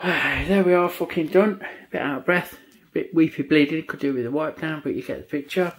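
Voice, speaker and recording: Speaking a little high and fairly quickly, a man in his fifties who builds custom motorcycles and does tattoos talks about his work in a workshop. His commentary is casual and blunt, and he swears freely.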